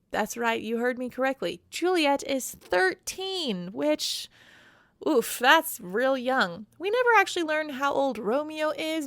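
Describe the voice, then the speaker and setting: Chatty woman doing a book recap podcast, wry and slangy, kinda high voice, dry mic. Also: fairly bright tone, dry recording. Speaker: podcast host.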